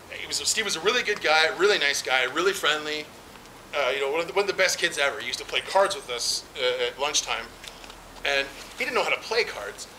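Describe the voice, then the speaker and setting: A man doing an amateur stand-up set at a barbecue, telling rambling stories with fillers. His pitch moves around a lot as he talks. The party noise outdoors stays loud behind him. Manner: rambling, storytelling, with frequent fillers. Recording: noisy outdoor party recording.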